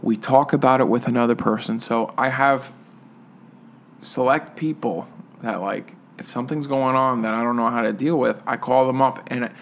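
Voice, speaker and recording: A man co-hosting a casual podcast, telling stories with halting restarts. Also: medium pitch, slight background noise. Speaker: podcast co-host. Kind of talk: casual chat.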